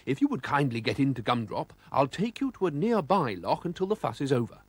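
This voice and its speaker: A man voicing a polite old gentleman who speaks courteously and a little hesitantly. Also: medium pitch, very animated, fairly quick, no echo. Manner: courteous, stammering.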